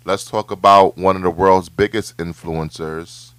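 A man hosting a casual podcast chat, counting down in a slow, deliberate way. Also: low voice, fairly even intonation, a bit bright, clear, resonant tone, no room sound. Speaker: podcast host.

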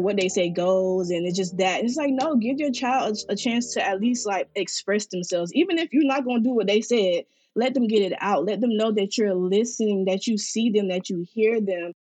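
A woman's voice: mid-range voice, normal speed, darkish tone, soft background music. A young woman telling her personal story in a candid, reflective way, speaking earnestly with casual fillers. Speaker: interviewee sharing her story.

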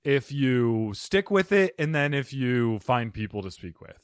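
A man hosting a casual podcast chat, telling animated stories and acting out voices. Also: mid-range voice, unhurried, clear, resonant tone, dry recording, studio quality. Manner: animated storyteller who acts out voices. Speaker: podcast host.

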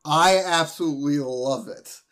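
A man hosting a podcast, recapping an episode in an enthusiastic, animated way. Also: fairly high pitch, normal speed. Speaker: podcast host. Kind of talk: casual chat recapping a cartoon episode.

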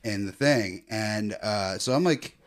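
A man's voice: on the low side, a little slow, no room sound, clean studio sound. A man, a guest comedian, chatting casually on a podcast, laughing often and rambling through a story with lots of fillers.

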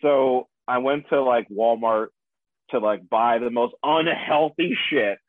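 Speaking slowly in a mid-range voice without echo, a man tells a story about himself over a dry, phone-like line. The talk is casual, peppered with laughter, swear words, and self-deprecating jokes.

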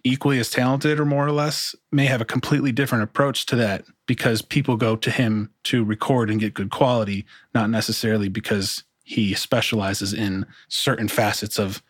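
A man's voice: medium pitch, fairly even intonation, a little fast, few pauses, slightly rough, no echo, studio quality. A man who works as a music producer, talking casually in an interview, rambling with many restarts and fillers.

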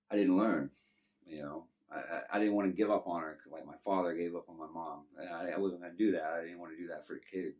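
Low-voiced texan guy rambling through his life story, slangy and laid back, sounds kinda far off the mic. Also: fairly even intonation, fairly quick, a little mellow. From Texas. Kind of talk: casual storytelling. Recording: distant from the mic.

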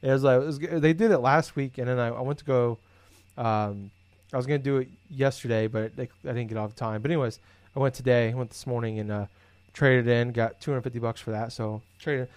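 A man's voice: mid-range voice, a little fast, dry recording. Rambling, profane man in casual chat. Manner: rambling, profane, animated storytelling.

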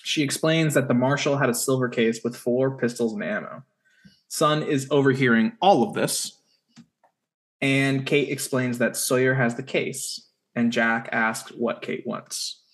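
A man co-hosting a casual podcast, summarizing plot points in a brisk way with wry asides. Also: medium pitch, steady tone. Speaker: podcast co-host recapping episodes. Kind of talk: casual chat.

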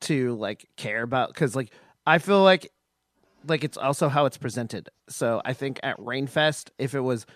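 A man in casual chat, speaking haltingly with many restarts and fillers. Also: mid-range voice, fairly bright tone, dry recording, studio quality.

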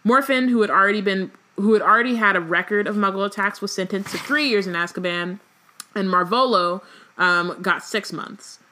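A woman reading the lines of a calm elderly headmaster, measured and explanatory. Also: mid-range voice, close to an everyday voice.

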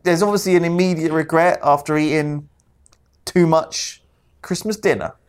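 A man's voice: fairly high pitch, clean tone. A man co-hosting a podcast, chatting casually with wry asides and frequent laughter. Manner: wry, teasing, quick to laugh. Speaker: podcast co-host. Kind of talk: casual chat.

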